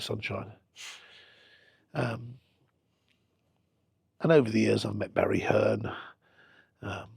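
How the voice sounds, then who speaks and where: A man's voice: fairly low pitch, gravelly, husky, no room sound. A middle-aged man, a football club owner telling stories in a casual interview and acting out the conversations he recalls. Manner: animated anecdote-telling, acting out quoted exchanges.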